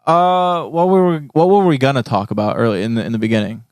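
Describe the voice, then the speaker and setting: A man's voice: mid-range voice, fairly even intonation, fast talker, a little mellow, dry recording. A young man co-hosting a podcast, laid-back and joking, often laughing. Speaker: podcast co-host. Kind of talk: casual podcast banter.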